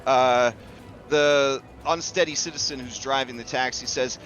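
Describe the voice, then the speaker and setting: A man's voice: mid-range voice, fairly even intonation, a little slow, fairly bright tone, muffled recording. A man running a tabletop game as game master, talking loosely and chattily with many fillers and the odd curse.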